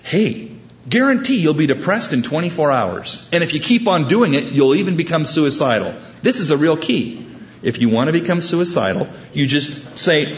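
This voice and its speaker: A man's voice: a little high, sing-song, moderate pace, highs cut off. A man preaching a sermon, storytelling with humorous asides and acting out the people he quotes. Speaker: pastor.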